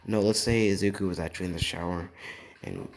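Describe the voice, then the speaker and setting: A young man improvising a fan story, soft-spoken, rambling, and often correcting himself. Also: low-pitched, fast talker, gravelly. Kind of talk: improvised fan-fiction narration.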